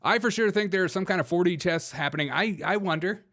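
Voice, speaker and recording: A man's voice: sits high, fairly quick, sharp tone. A man hosting a livestream of comedic political commentary, brash and sarcastic, laughing often and talking to his chat. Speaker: livestream host.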